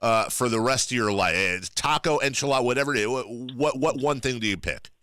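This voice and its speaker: A man's voice: mid-range voice, fairly quick, sharp tone, smooth, dry recording, studio quality. A man from California hosting a sports radio show, telling stories and building to emphatic points. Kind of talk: casual sports radio chat.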